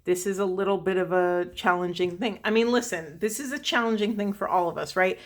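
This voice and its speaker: A woman's voice: medium pitch, brisk. A woman spiritual coach talking casually to her viewers, earnest and rambling, often checking in with asides. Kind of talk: casual spiritual talk to camera.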